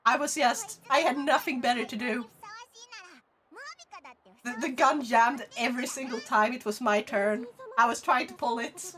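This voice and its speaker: A woman's voice: a little high, normal speed, fairly bright tone. A woman from Sweden with a Swedish accent, chatting casually on a live stream, reading viewer comments aloud and laughing often.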